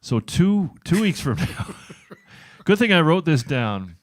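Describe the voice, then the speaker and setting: A man's voice: a little high, big pitch swings, slow pace, no room sound. A man of about sixty hosting a casual afternoon show, chatty and self-deprecating with a joking manner. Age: 60s. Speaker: host. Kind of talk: casual chat.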